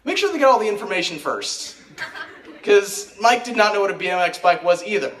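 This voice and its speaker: A teenage boy performing a stand-up comedy routine at a school talent show, telling rambling, self-mocking stories with quick asides. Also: high-pitched, very animated, a bit bright, slight background noise. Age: teens. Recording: echoey hall recording from far off, crowd laughing. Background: audience laughter.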